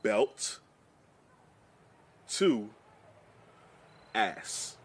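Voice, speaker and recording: A man presenting a deadpan mock lesson in a played comedy clip. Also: lowish voice, slightly rough. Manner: deadpan, slow.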